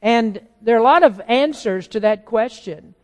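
A woman pastor preaching a sermon in an earnest, deliberate way, often restarting her phrases. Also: on the high side, animated, darkish tone, in a large hall.

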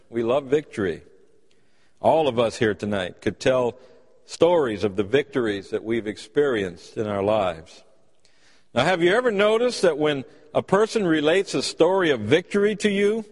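A man preaching a sermon, telling folksy stories and acting out the quotes inside them. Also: fairly high pitch. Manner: folksy storytelling with acted-out quotes. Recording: long hall reverb.

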